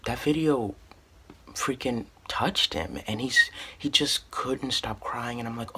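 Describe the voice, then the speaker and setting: A man's voice: mid-range voice, slow, sharp tone, breathy edge. A young man telling a personal story in a casual storytime vlog, earnest and heartfelt, rambling with restarts. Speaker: storytime vlogger.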